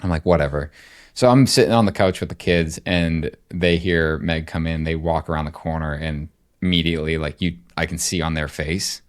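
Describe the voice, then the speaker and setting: A middle-aged man co-hosting a podcast, telling a rambling, animated story in casual chat. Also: rumbling low, moderate pace. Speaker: podcast co-host.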